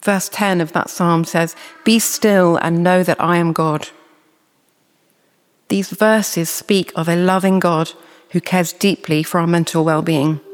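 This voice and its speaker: A preacher giving a sermon in a measured, earnest way, reading scripture slowly and deliberately. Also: mid-range voice, smooth, long reverb tail.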